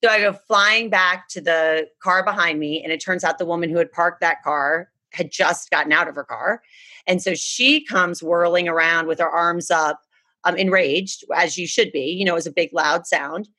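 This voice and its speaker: A woman's voice: on the low side, moderate pace, sharp tone. A woman from the United States, earnestly telling a personal story in a casual chat. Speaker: guest.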